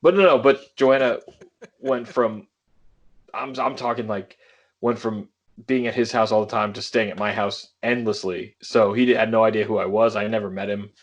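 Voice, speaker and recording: A man's voice: on the low side, fairly even intonation, normal speed. A young adult man co-hosting a podcast, telling rambling stories in casual chat and laughing often. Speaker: podcast co-host.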